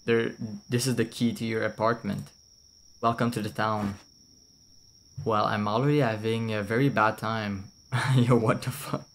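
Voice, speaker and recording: A man's voice: on the low side, steady tone, a little slow, creaky, slight background noise. Swearing, giggly male streamer. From France. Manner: blunt and swearing, laughs often. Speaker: VTuber streamer. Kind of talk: casual gameplay commentary.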